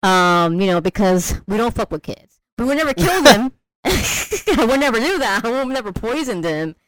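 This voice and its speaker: Animated, profane young woman, dry sound. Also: a little high, normal speed, no room sound. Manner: animated, profane, acts out characters in quotes. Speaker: podcast co-host. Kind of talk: casual movie chat.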